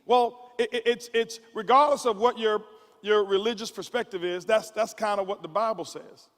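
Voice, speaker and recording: High-voiced man preaching in a hall. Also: fairly even intonation, moderate pace, a bit bright. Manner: repeats words in stumbling restarts, preacher-like build-ups. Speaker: motivational speaker. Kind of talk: motivational speech to a conference audience. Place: large conference hall. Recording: long hall reverb from a live event.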